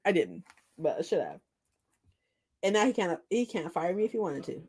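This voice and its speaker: A woman's voice: on the low side, sing-song, normal speed, darkish tone, breathy edge. A young adult woman chatting casually on a livestream, blunt and profane, laughing often as she retells workplace arguments. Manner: blunt, swears freely, laughs a lot; acts out both sides of workplace arguments. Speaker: book streamer.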